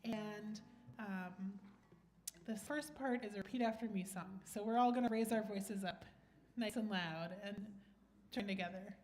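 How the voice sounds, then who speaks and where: A woman's voice: mid-range voice, measured pace. A woman song leader introducing a congregational song in a synagogue, speaking hesitantly with fillers. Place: synagogue sanctuary. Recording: guitar music playing loudly behind.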